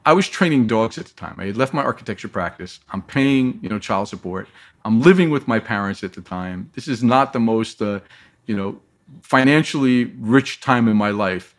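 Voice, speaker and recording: A man telling a long personal story as a guest in an interview, lively and acting out the voices of the people he quotes. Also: on the low side, normal speed.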